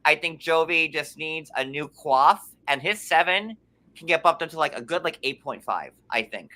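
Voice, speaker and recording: A man from New York hosting a casual recap chat, rambling and full of fillers, with sudden jumps in pitch. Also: expressive, normal speed, sharp tone. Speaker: podcast host.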